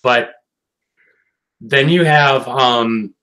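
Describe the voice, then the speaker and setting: A man's voice: mid-range voice, extremely slow, pushed and bright, poor audio. A man with a mid-range voice talks loosely through an episode recap. He sounds sleepy and keeps losing his thread. He curses freely along the way. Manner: rambling, swears often, many fillers and restarts. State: tired, yawning late at night. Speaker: podcast co-host reviewing a cartoon episode. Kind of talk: casual chat.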